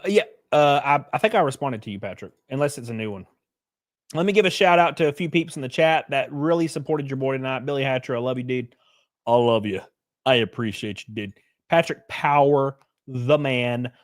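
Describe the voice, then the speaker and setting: A man's voice: medium pitch, no echo, studio quality. A young man chatting casually on a live stream, reading chat aloud with loose, jokey slang.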